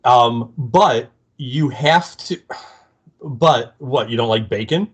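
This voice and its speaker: A man co-hosting a podcast in casual chat, wandering off onto side stories and quickly agreeing with his partner. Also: medium pitch, husky. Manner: chatty, digressive, quick to agree. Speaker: podcast co-host.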